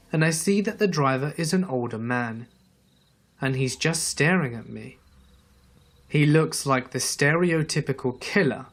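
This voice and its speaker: A man giving a measured, dramatic scripted narration of true horror stories. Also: medium pitch, fairly bright tone.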